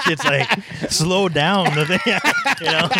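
A man's voice: high-pitched, wildly swooping pitch, slow pace, creaky, heavy background noise. A man co-hosting a casual podcast, joking around and laughing often. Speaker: podcast co-host. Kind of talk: casual chat.

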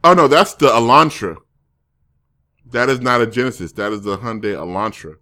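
A man's voice: medium pitch, normal speed, pushed and bright. A man streaming casually, reading viewer comments and rambling through jokes and self-corrections.

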